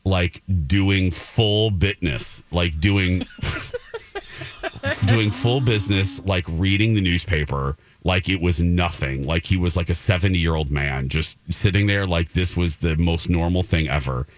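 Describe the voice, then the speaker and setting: A man's voice: sits low, unhurried. A man hosting a podcast, telling a dramatic story in a casual chat and acting out the quotes. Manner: animated, dramatic, acts out quotes. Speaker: podcast host.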